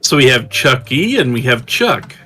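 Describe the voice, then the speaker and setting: A man's voice: medium pitch, very animated, moderate pace, bright, forceful tone, slightly rough, soft background music. A man chatting casually on a voice call while playing a game with friends, teasing the others with dry jokes. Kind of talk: casual chat while gaming.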